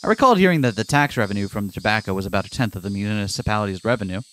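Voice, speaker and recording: Speaking rapid-fire with lively intonation, this fairly low, slightly bright male voice belongs to a let's play host. He reads a visual novel aloud with dramatic narration and swaps jokes with his co-host in casual asides.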